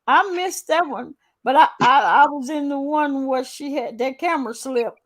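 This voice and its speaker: A woman host in a casual gossip chat, excitable, stammering and swearing freely. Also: high voice, normal speed. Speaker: channel host.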